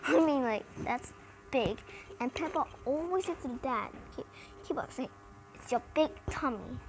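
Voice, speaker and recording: An animated, high-voiced woman with an American accent talks at a normal pace in a casual cartoon review, rambling with plenty of "like" fillers. The audio is low quality, with some hiss or hum.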